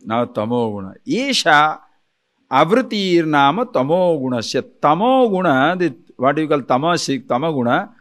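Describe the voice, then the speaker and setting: A man lectures on spiritual texts as a teacher. His voice sits slightly on the high side. He talks animatedly, keeps asking rhetorical questions and often chuckles. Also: a bit bright.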